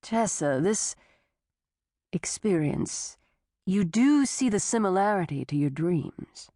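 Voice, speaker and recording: A woman voicing a male doctor who speaks calmly, clinically and patronizingly. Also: medium pitch, takes it slowly, dry recording, studio quality. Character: calm, condescending male doctor on the phone.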